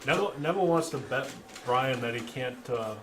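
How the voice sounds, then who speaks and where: A man's voice: mid-range voice, expressive, a little fast, fairly bright tone. A man playing a tabletop game, joking and playful. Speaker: player. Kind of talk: casual tabletop play.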